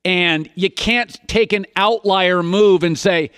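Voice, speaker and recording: High-voiced man hosting sports radio. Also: slow, few pauses, fairly bright tone, clear, resonant tone, no room sound, studio quality. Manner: punchy, sarcastic rhetorical questions. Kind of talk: opinionated sports talk monologue.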